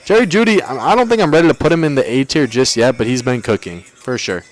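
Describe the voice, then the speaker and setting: A man's voice: medium pitch, lively intonation, fast talker. A young man hosting a livestream, ranking players in casual, slangy banter and talking back to his chat. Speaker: livestream host.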